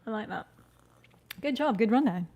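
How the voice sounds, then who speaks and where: A woman's voice: fairly high pitch, lively intonation, moderate pace, darkish tone. A woman co-hosting a podcast, chiming in with short reactions and quips during a casual chat. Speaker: podcast co-host.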